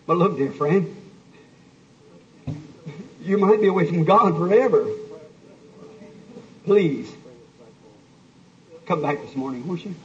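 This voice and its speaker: A man's voice: high-pitched, slow, long pauses, far from the mic. A man preaching an altar call to a church crowd, pleading and breaking into a hymn between his appeals. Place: church hall with live audience. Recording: muffled old recording, faint hiss.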